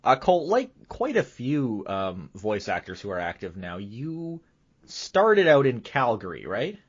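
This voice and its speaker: A male host whose voice swings up and down as he asks his questions, stumbling and repeating words as he goes. His pitch sits in an ordinary middle range. The recording has a dull, lo-fi sound. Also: huge pitch swings, measured pace, breathy edge. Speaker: podcast host. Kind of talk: casual interview questions. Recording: dull lo-fi audio.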